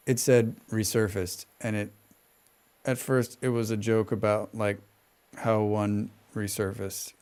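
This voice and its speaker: A man's voice: fairly low pitch, flat delivery, unhurried, darkish tone, clear, resonant tone. A young man chatting with viewers during a live gameplay stream, talking casually, swearing freely and rambling into rants.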